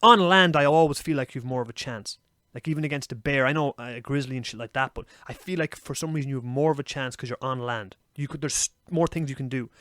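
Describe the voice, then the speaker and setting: Irish podcast co-host, young, quick and animated, salty language, dry close mic. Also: male voice, medium pitch, no echo. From Ireland. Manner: animated storyteller, swears freely. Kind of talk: casual chat.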